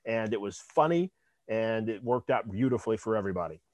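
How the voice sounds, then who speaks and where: A man's voice: on the low side, lively intonation, a little fast, a little mellow, dry recording. A man hosting a podcast interview, affirming and summing up his guest's points. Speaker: podcast host. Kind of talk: interview conversation.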